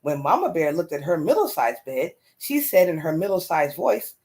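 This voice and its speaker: Woman reading a storybook, animated. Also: lowish voice, normal speed, few pauses. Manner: expressive and animated. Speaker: storyteller host. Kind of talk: reading a children's story aloud.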